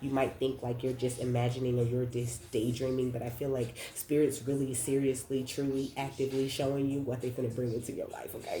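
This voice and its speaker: A woman with a remarkably deep, dark and mellow voice gives a casual spiritual reading straight to her viewers. She is effusive and affirming, slangy, with the odd casual curse. The sound carries a roomy echo. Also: little pitch movement, fairly quick, hardly any pauses. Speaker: intuitive card reader.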